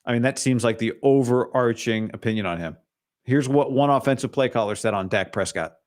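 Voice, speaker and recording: A man's voice: medium pitch, fairly quick. A man hosting a solo sports talk show, opinionated and hedging, with frequent restarts.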